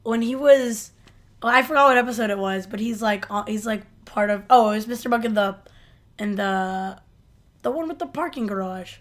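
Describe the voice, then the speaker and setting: A woman's voice: a little high, moderate pace. A young woman co-hosting a podcast, chatting loosely with many fillers and easy giggles. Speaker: podcast co-host. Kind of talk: casual chat.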